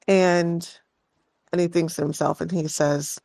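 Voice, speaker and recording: Woman game master, slow narration, halting restarts, dry close sound. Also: on the low side, steady tone, vocal fry, a little mellow, dry recording.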